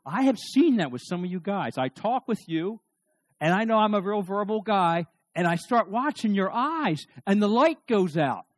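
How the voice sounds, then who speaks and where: High-voiced man joking to an audience. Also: moderate pace, dry recording. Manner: animated, joking, with frequent restarts. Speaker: speaker on marriage. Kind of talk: humorous talk to a live audience.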